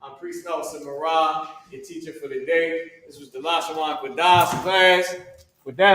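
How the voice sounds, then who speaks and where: A man's voice: a little high, steady tone, moderate pace, a bit bright, heavy reverb, distant mic, slight background noise, low-quality recording. A man teaching a religious language class, talking casually with slang and frequent restarts.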